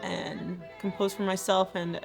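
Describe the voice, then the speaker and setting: A woman's voice: mid-range voice, flat delivery, unhurried, loud music behind the voice. A woman composer and theater maker talking about her work in a thoughtful, earnest way. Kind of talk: reflective interview talk.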